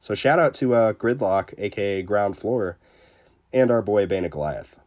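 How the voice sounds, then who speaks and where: A man with a somewhat low voice gives casual live commentary while streaming a game. He chats loosely, with plenty of fillers, greets his viewers and jokes at his own expense. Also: normal speed. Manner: chatty, many fillers, greets chat viewers; self-deprecating and excitable. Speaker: livestreamer.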